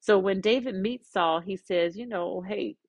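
A woman podcast host narrating a story in a lively, conversational way with asides. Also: mid-range voice, moderate pace, no room sound.

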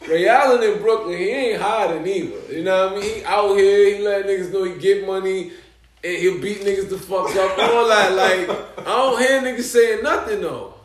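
A man hosting a podcast, telling stories in a casual, slangy, animated way with many asides. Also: high-pitched, normal speed, a little hiss or hum. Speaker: podcast host. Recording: roomy echo.

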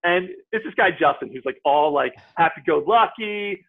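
A man's voice: sits high, normal speed, hardly any pauses. Man telling a story over a tinny line. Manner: animated, acts out what people said. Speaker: podcast guest. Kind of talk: casual storytelling.

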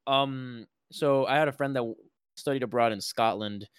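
A man's voice: mid-range voice, moderate pace, clean tone, no echo, clean studio sound. A man from Puerto Rico co-hosting a podcast, telling anecdotes in a rambling, filler-heavy way. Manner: rambling, many fillers and restarts. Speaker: podcast co-host. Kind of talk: casual chat, storytelling.

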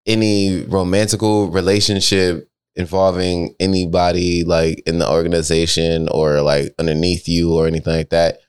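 A young man co-hosting a podcast in casual chat, rambling and animated, jumping up high when he reacts. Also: normal speed, few pauses, clean tone. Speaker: podcast co-host.

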